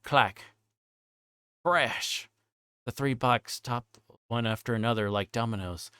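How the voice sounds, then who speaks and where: A man's voice: mid-range voice, a bit bright, clear, resonant tone, dry recording. Man reading a visual novel aloud. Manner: plain narration with occasional stumbles and restarts. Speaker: streamer.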